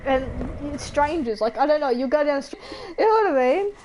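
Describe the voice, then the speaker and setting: A woman's voice: high voice, lively intonation, normal speed, darkish tone, a little hiss or hum, rough recording. A young Australian woman casually chatting while she plays a game, giggly and often trailing off into laughter. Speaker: gaming streamer.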